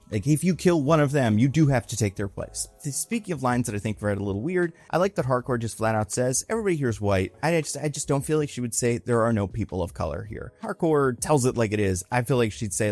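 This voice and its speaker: A man's voice: medium pitch, animated, a little fast, hardly any pauses, darkish tone, no room sound, faint music behind. A young man giving a casual, conversational breakdown of a TV episode, slipping into exaggerated voices when he quotes characters. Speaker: online film and TV commentator.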